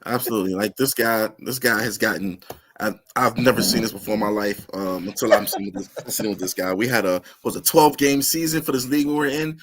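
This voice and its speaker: A man's voice: lowish voice, quick pace. A man co-hosting a sports podcast, talking emphatically and repeating words for effect. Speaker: podcast co-host. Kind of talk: casual chat.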